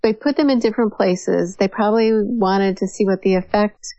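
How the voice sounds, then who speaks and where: A woman's voice: medium pitch, normal speed, dark tone, dry recording. Thoughtful woman, dull dry sound. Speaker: podcast panelist. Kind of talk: casual discussion.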